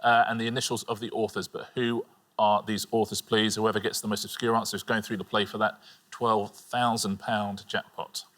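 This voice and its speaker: Low-voiced quiz co-host man. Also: level tone, a bit bright. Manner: explains answers, measured and wry. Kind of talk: game show commentary. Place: TV studio.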